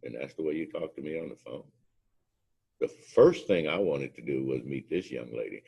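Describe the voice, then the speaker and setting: A man's voice: very deep voice, expressive, normal speed, creaky, warm tone, breathy edge. A man, a former drill instructor, giving an anecdotal motivational talk, telling emphatic stories and acting out what people said. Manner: emphatic storyteller, acts out quotes.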